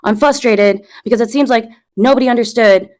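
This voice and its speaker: Brief: woman, early thirties, slightly high voice, defensive and exasperated, cursing as she argues on a voice call. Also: fairly quick, a little mellow. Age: early 30s. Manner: frustrated, swearing, rambling and defensive. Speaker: content creator being interviewed. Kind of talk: heated argument on a voice call. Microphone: computer mic on a voice call.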